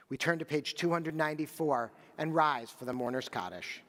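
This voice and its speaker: A man leading Shabbat services, telling a story with animated asides to the children and reading names for remembrance. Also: a little high, moderate pace, few pauses, in a large hall. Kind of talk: storytelling sermon and liturgy.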